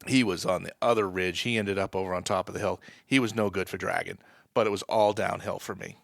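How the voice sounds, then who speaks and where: A man with a New England accent, telling a lively hunting story as a guest on a podcast interview. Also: low-pitched, fairly quick, gravelly, no echo, clean studio sound. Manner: animated hunting story, builds excitement. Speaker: guest, wildlife department staff.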